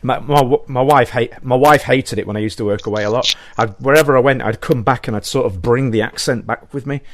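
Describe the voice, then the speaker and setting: Casting: male podcast host, upbeat and encouraging, mid pitch, dry close sound. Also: brisk, no room sound. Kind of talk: casual chat.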